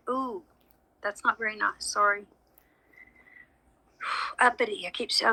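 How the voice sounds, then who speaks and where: A woman's voice: medium pitch, fairly even intonation, takes it slowly, long pauses, bright, forceful tone, low-quality recording. A woman giving a live psychic reading, chatty and frank with frequent apologies. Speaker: psychic medium. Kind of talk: live social media reading.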